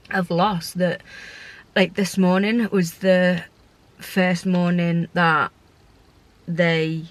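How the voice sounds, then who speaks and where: A woman's voice: lowish voice, fairly bright tone. A woman who works as a short-term foster carer, talking through her feelings in a casual vlog, heartfelt and rambling, with frequent restarts. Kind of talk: casual reflective vlog talk.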